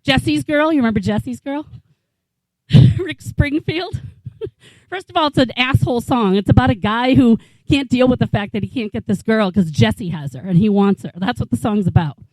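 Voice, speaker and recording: A woman's voice: a little high, moderate pace, a little mellow, dry recording, rough recording. A woman in her forties doing a stand-up comedy set in a small bar, rambling and incredulous, swearing freely. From New England, USA. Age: 40s. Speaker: stand-up comic.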